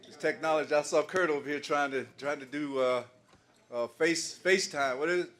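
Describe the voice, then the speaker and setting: A man's voice: a little high, a little fast, fairly bright tone. An older man doing stand-up comedy, telling folksy stories in a loose way and laughing at his own jokes.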